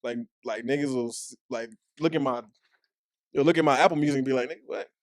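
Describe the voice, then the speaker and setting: A young man with a Texas accent tells rambling stories, heavy on "like" and acted-out quotes. His voice sits at a middle pitch and swings up sharply when he imitates people. The sound is dry and close, with no room echo. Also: brisk. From Dallas, Texas. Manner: loose, profane storytelling full of "like" and acted-out quotes. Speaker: podcast guest, former football player. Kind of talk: casual chat.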